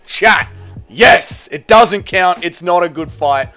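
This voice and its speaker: A man's voice: high-pitched, slow, fairly bright tone, faint music behind. An Australian man hosting a live stream, answering his chat in brash, profane, casual banter. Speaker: livestream host reading chat.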